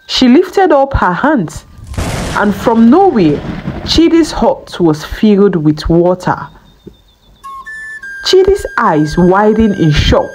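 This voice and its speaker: Female storyteller, unhurried folktale narration, lively melodic pitch. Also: slight background noise, low-quality recording. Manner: slow, lilting storytelling delivery.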